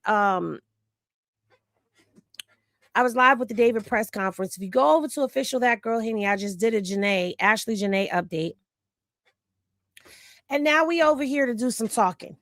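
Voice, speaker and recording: A woman's voice: on the high side, animated, moderate pace, long pauses, a bit bright, no echo, studio quality. Chatty, tired woman hosting a live stream. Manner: chatty, gossipy, talks straight to viewers. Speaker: livestream host. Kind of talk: casual livestream chat.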